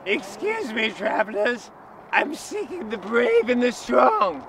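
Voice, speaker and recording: A man playing an eager villager who pesters travelers to campaign, in a pleading sales pitch. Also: sing-song, slow, gravelly, crowd noise, full character voice. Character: pushy male campaigning villager stopping travelers. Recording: noisy, distant mic.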